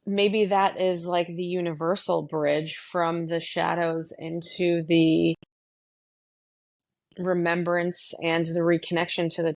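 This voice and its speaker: A woman's voice: on the low side, level tone, slow, darkish tone, dry recording. A woman with a North Jersey accent, hosting a casual podcast chat in a reflective, searching way with many fillers. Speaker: podcast host.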